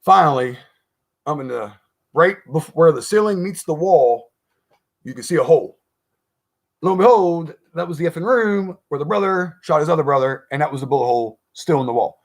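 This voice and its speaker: A man casually telling a ghost story on a live chat, rambling and animated, laughing and restarting his sentences. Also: a little high, normal speed.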